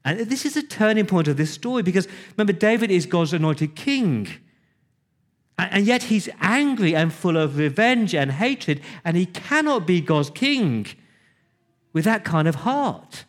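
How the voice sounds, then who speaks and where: A man's voice: sits high, very animated, measured pace. A man preaching a sermon, retelling scripture conversationally with emphatic repetition.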